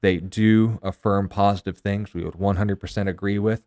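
Low calm man explaining scripture. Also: moderate pace, no echo, clean studio sound. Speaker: co-host answering viewer questions. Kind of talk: casual explanatory Bible talk.

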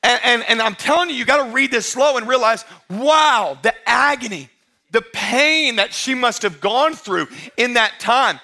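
A male pastor preaching with a high, bright voice. He swings from playful jokes and shouted emphasis to hushed, tender lines, and he keeps his audience engaged throughout. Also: expressive, a little slow, creaky. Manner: drops to soft, intimate tones for emphasis. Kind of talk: sermon.

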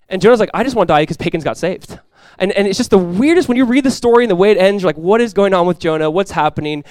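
A man preaching a sermon as pastor, in a lively, conversational way with quick acted-out asides. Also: high voice, dry recording.

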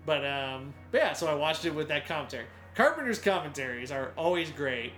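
A man co-hosting a casual podcast, his voice a touch high and strikingly bright. He rambles through relaxed anecdotes full of fillers. Faint music plays underneath. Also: brisk. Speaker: podcast co-host. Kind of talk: casual chat.

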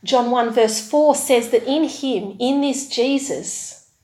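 Woman preacher, fairly high voice, unhurried delivery, church hall echo. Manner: slow, warm conversational preaching with tag questions. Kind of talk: sermon with scripture reading.

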